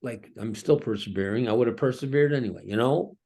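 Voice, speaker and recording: A man's voice: mid-range voice, warm tone. A middle-aged man, a pastor, talking through a reflective sermon-style message with many ums and restarts. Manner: halting, with frequent ums and restarts. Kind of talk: reflective preaching talk.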